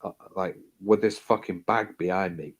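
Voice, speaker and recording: A man's voice: sits low, steady tone, normal speed, lo-fi sound. A man telling a hospital story in casual chat, swearing freely, repeating himself and acting out what people said.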